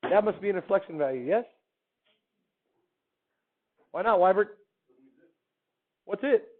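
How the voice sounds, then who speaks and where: A male teacher lectures a classroom in an upbeat, chatty way, stopping often to quiz his students. His voice sits a little high. The recording is narrow and tinny, like a phone line. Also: animated, unhurried. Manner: upbeat, quizzing students with questions. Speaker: math teacher.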